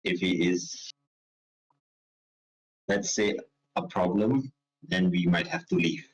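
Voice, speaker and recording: A man's voice: low voice, slow, highs cut off. A man playing a tabletop game in casual chat, stammering and often restarting his sentences. He sounds distant from the mic. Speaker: player.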